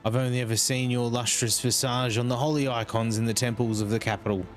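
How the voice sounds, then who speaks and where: A man's voice: mid-range voice, fairly even intonation, fast talker, faint music behind, natural voice. A man voicing a sniveling, humble old peasant scout in a rustic put-on accent, reading game dialogue aloud. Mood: fawning. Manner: rustic dropped-letter accent voice, fawning.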